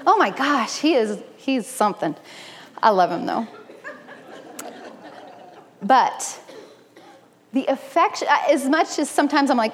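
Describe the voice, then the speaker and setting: A woman in her thirties giving an animated, personal sermon-style talk at a church gathering, mixing scripture with stories from home. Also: sits high, moderate pace, pauses often. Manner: animated, personal and humorous preaching. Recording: long reverb in a hall.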